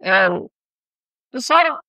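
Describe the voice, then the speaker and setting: Older Odia-accented male preacher, bright and lively in pitch, checks in with his listeners often. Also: slow, vocal fry, no room sound. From Odisha, India. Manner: keeps checking "you understand?"; explains terms. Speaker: spiritual teacher. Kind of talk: sermon. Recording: dull lo-fi archive recording.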